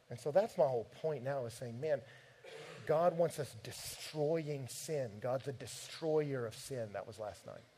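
A man preaching a sermon, telling stories from his home life in an animated, direct way. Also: medium pitch, slight background noise. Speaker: pastor.

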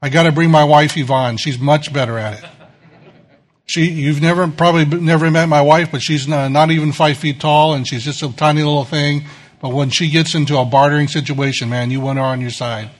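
A man's voice: on the high side, steady tone, fairly quick. A middle-aged male pastor giving a sermon, telling self-deprecating stories in a conversational way.

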